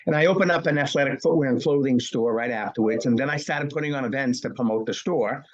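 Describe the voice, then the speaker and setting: A man's voice: medium pitch, fast talker, dull audio. A man in his sixties telling stories as an interview guest, punchy, asking and answering his own questions. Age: 60s. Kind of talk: storytelling interview.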